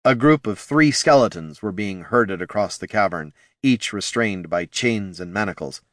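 A man's voice: lowish voice, lively intonation, moderate pace, a bit bright, dry recording. Male audiobook narrator, dry close sound.

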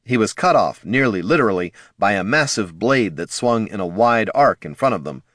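Lowish guy reading a fantasy story, lots of ups and downs, dry close sound. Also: moderate pace, no echo. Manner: lively, expressive reading. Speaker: narrator. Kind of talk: audiobook narration.

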